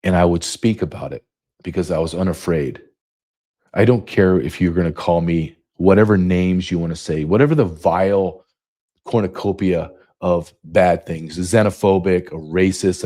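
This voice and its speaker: A man's voice: low voice, dark tone. A man in his fifties from the United States, hosting a podcast monologue with an emphatic, repetitive way of speaking. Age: 50s. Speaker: podcast host.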